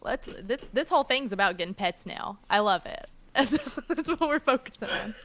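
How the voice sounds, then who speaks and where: A woman's voice: mid-range voice, expressive, normal speed, a bit bright. A woman running a tabletop role-playing game on a live stream, upbeat and giggly, often restarting her sentences. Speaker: game master.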